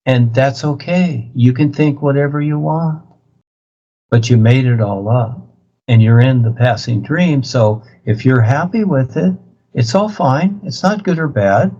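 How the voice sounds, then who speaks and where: A man's voice: mid-range voice, a little slow, mellow. Preachy man lecturing on a muffled call. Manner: insistent, repetitive, preachy. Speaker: spiritual teacher. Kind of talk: lecturing over a video call. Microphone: video call. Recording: muffled video-call audio.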